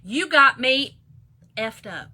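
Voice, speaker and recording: A woman acting out an angry young woman who yells back defiantly. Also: sits high, expressive, slow, exaggerated voice. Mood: defiant yelling. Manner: yelling, defiant.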